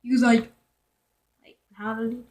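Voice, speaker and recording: A woman's voice: fairly high pitch, level tone, normal speed, darkish tone. Rambling young girl telling a storytime. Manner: rambling, full of fillers and asides, sometimes whispering. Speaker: vlogger. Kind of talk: storytime vlog.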